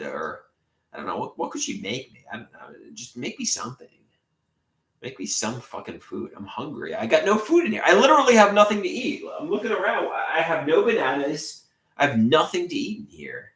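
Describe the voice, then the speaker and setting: A man's voice: fairly high pitch, big pitch swings, fairly quick, fairly bright tone. Rambling, profane man in a roomy space. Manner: rambling, profane, repeats himself. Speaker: livestreamer. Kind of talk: rambling live stream monologue. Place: own room at home.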